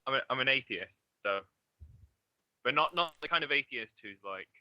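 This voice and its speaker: A man's voice: mid-range voice, lively intonation, moderate pace, bright, forceful tone, dry recording. A young man from southeast England in his twenties, a guest chatting casually, swearing freely and laughing often. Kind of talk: casual online chat. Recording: dull lo-fi audio.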